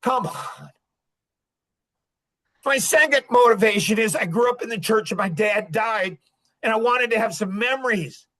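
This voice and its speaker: A man's voice: sits high, normal speed, pauses often, a bit bright, low-quality recording. An older man as a podcast guest, talking with indignant emotion that rises and falls sharply, heard over a video call. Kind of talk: impassioned podcast talk.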